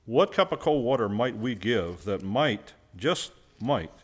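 A man's voice: medium pitch, lively intonation, unhurried. A man preaching a sermon, who puts questions to his listeners and answers them himself, and stresses key words by repeating them.

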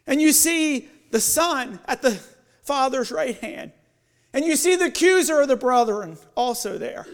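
A man giving an evening sermon as a lay preacher, leading listeners through guided imagery that builds and then softens. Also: very high voice. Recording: long church hall reverb.

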